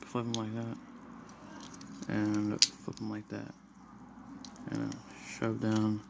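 A man talks through a toy review in a low, monotone voice, rambling and apologizing between steps. He sounds frustrated throughout. It is a noisy recording made in a room at home. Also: slow, creaky. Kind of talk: casual toy review walkthrough. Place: room in a house.

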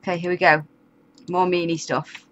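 A woman's voice: lowish voice, little pitch movement, moderate pace, a bit bright, lo-fi sound, a little hiss or hum. A woman giving casual, chatty commentary over a life-sim game, often exasperated and laughing. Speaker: gaming YouTuber. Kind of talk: casual let's-play commentary.

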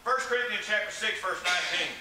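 A man preaches with a high, ringing voice that is very bright and edgy. He tells stories in his sermon and acts out the people in them. A faint hiss sits under the church recording. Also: fast talker, low-quality recording. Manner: storytelling preacher, acts out quoted voices with big swings. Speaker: pastor.

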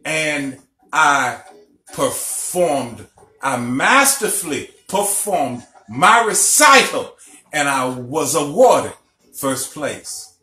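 A man's voice: on the high side, very animated, very slow, bright, forceful tone. A middle-aged man from Illinois, a spiritual teacher giving a recorded lecture broadcast. He tells stories emphatically and keeps checking in with his listeners. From Illinois, USA. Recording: echoey room, faint music behind.

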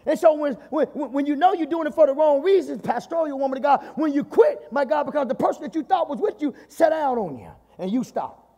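High-pitched Southern pastor preaching. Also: male voice, lively intonation, a little fast, dark tone, long reverb tail. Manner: call-and-response preaching, repeats "my God". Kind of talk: sermon. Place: church sanctuary.

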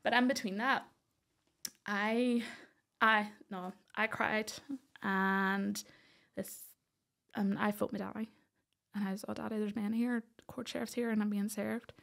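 A woman with a Northern Irish accent tells her own story as a podcast guest. Her voice sits in a middle register with a gravelly edge. She tells it with energy and acts out the voices of the people she quotes. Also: medium pitch, steady tone, measured pace, a bit bright. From Northern Ireland. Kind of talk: personal storytelling in a podcast interview.

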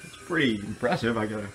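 A man's voice: on the low side, poor audio. A young man who is an artist, talking in a casual, slangy way with rhetorical questions. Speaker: artist and protester. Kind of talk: casual film dialogue.

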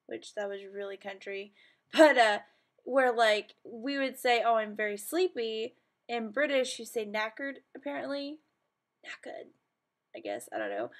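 Young southern girl vlogging, chatty and rambly, lots of ums, slightly high voice. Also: lively intonation, measured pace, vocal fry. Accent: Southern American. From southern United States. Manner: rambling, many fillers and um's. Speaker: vlog host. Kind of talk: casual vlog chat.

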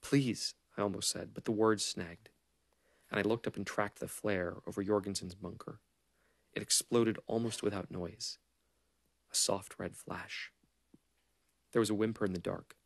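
A man narrating a novel as an audiobook in a measured, understated way. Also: lowish voice, fairly even intonation, vocal fry, no echo.

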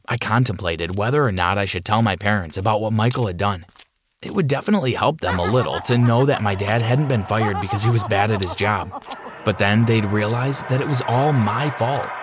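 A man narrating a dramatic first-person story in an expressive storytime style. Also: lowish voice.

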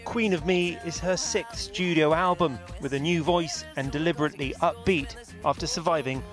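A man reading a news voice-over as a reporter, with a crisp, informative delivery. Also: on the high side, fairly even intonation, moderate pace. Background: music bed.

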